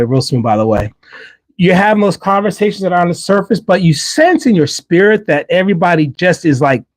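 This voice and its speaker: A middle-aged man with a slightly high, somewhat mellow voice hosts a livestream. He gives an earnest, emphatic motivational talk grounded in faith, repeating key phrases.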